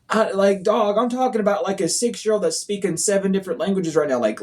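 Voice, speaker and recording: A man's voice: on the high side, a little mellow. Blunt, profane man scolding viewers. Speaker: spiritual reader. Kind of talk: casual monologue to viewers.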